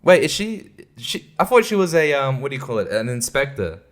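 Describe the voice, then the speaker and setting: A man's voice: mid-range voice, very animated, fairly quick. Profane, rambling man ranting about a film. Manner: stumbles and laughs between thoughts. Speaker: podcast host. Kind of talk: casual film review rant.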